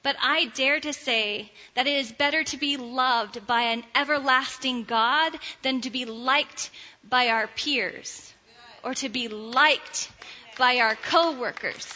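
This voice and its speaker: A woman preaching a sermon, slow and deliberate, reading scripture aloud. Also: sits high, sharp tone. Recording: dull sound, long hall reverb.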